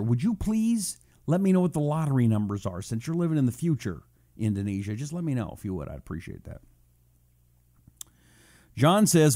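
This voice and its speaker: A man hosting a live talk show, reading out viewer check-ins between quick jokes and asides. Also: fairly high pitch, mellow. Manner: jokey, breezy, quick asides. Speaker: radio talk show host.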